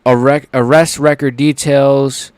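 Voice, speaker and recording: A young man hosting a livestream, giving live fight reaction commentary in a rambling, excitable way, swearing and swinging from mumbles to shouts. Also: mid-range voice, takes it slowly, clear, resonant tone, no room sound, studio quality. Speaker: livestream host.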